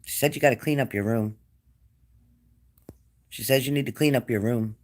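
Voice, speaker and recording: A man giving a spirit-medium reading to a client, gentle and coaxing, repeating his phrases. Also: medium pitch, normal speed. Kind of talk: reassuring psychic reading to a client.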